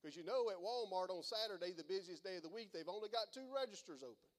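Folksy preacher, higher voice. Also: male voice, animated, quick pace. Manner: folksy, rambling, repeats words. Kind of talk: sermon storytelling.

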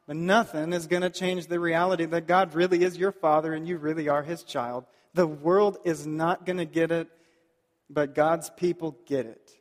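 A man preaching a sermon as pastor, earnest and pleading, slowing down to stress key points. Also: fairly high pitch, in a large hall. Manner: earnest, pleading, slows down for emphasis.

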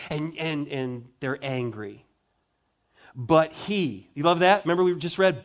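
A male pastor preaching a sermon dramatically, slowing down for emphatic stresses and dropping to soft asides. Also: fairly high pitch.

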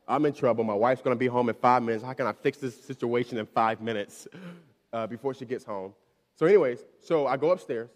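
Preaching man in a reverberant hall. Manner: storytelling, repeats words, rises in pitch and volume when preaching. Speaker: pastor. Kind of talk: sermon. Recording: long reverb of a large hall.

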